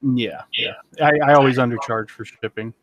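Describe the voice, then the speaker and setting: A man's voice: medium pitch, normal speed, muffled recording, very noisy. A man in his forties from Missouri, an antiques dealer chatting casually and joking as a guest on a live auction stream. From Missouri, USA. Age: 40s. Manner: joking, laid-back.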